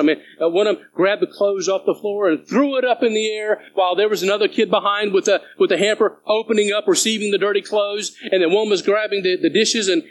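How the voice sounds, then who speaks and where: A man's voice: sits high, rough recording. A man preaching a sermon to his church as pastor, earnest and urging, reading scripture aloud between stories.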